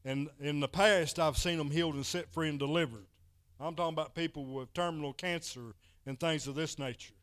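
A man preaches a sermon in a folksy, storytelling way. His voice sits a little high, and he strings his tale together with repeated "he said". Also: fairly even intonation, a little fast, a bit bright.

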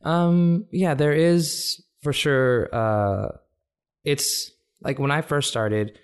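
A man from Africa, a stand-up comedian, talking casually as a guest, animated and laughing often, with many restarts. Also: fairly high pitch, extremely slow, smooth. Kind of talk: casual conversation.

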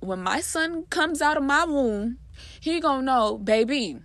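This poet has a high-pitched, slightly bright voice, animated but unhurried, with no room sound. Casually and passionately, she explains a poem she wrote, speaking in emphatic bursts filled with fillers.

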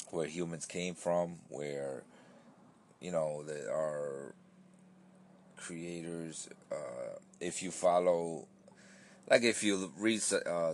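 A man's voice: very deep voice, darkish tone, a little hiss or hum. A man hosting his own podcast, talking loosely and rambling, with restarts and casual swearing, tired from an early start. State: tired, yawning. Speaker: podcast host.

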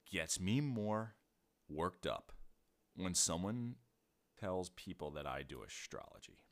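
A man with a low voice hosts a casual science podcast in a relaxed, joking way. His delivery swings up and down with plenty of life, and he often stops to correct himself or laugh at his own jokes. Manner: joking and laid-back, quick to apologise and laugh at himself; frequent restarts and self-corrections. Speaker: podcast host.

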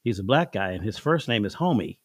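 Middle-aged man, low-ish voice, dry close sound; folksy, chuckling storyteller in a casual chat. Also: big pitch swings, fairly quick, slightly rough, no echo. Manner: folksy, chuckling, acts out voices in his anecdotes. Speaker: father telling life stories on his son's podcast.

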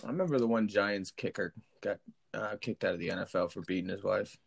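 A man's voice: on the low side, brisk, gravelly, slightly rough, dry recording, clean studio sound. A man co-hosting a casual podcast chat in a laid-back, teasing way, laughing along. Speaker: podcast co-host.

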